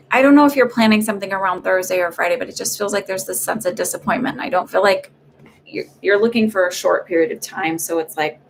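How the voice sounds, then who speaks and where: Giving paid psychic readings live on a stream, this woman talks in a chatty, rambling way, full of fillers and restarts. She has a lowish voice, and there's slight background noise.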